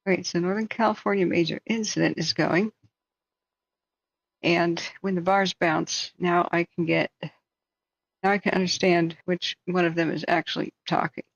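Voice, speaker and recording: A tired woman hosting a casual live wildfire-tracking stream, slightly hoarse and thinking aloud while chatting with viewers. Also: lowish voice, fairly even intonation, moderate pace, no echo, lo-fi sound. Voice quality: slightly hoarse, clears throat. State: tired after staying up all night. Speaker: wildfire tracking livestream host.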